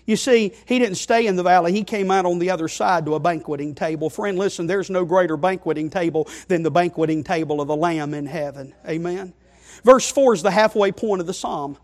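A man's voice: sits high, fairly quick. A man preaching a sermon, speaking with emphasis, calling his listeners friend and asking them rhetorical questions. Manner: emphatic, addresses listeners as friend and child of God.

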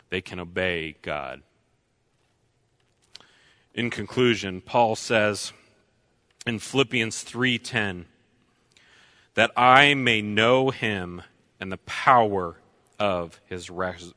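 A man preaching a sermon, slow and deliberate, repeating key lines for emphasis. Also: low voice, bright, forceful tone.

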